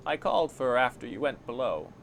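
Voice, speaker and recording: A man's voice: expressive, quick pace, vocal fry, a little hiss or hum. A man voicing a sly, crippled old male beggar who wheedles and turns menacing, in a game reading. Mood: wheedling. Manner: wheedling, drawn out, dropping low.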